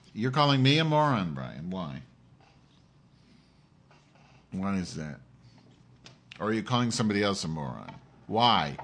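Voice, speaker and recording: A man's voice: fairly low pitch, sing-song, moderate pace, fairly bright tone, breathy edge. A man hosting a live stream, ranting at his viewers in a profane, sarcastic and combative way.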